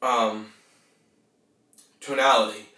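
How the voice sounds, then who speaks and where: Casual male podcast host, bright and forceful, a bit off-mic, coaching tone, slight mumble. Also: mid-range voice, steady tone, slow pace. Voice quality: tends to mumble. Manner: conversational, swears casually, coaching tone. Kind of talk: casual self-help monologue. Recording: roomy, distant from the mic.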